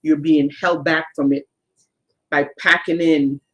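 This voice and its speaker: A woman's voice: low voice, steady tone, unhurried, muffled recording. Woman, co-host, live stream talk, emphatic, speaks to viewers. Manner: emphatic, addresses viewers directly. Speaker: co-host of a spiritual channel.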